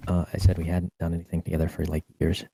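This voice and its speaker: Very deep, gravelly, mumbling man. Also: completely flat delivery, fast talker, no echo, rough recording. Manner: quiet, mumbling, hesitant. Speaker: streamer on a call. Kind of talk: recorded voice call. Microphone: voice-call microphone cutting out.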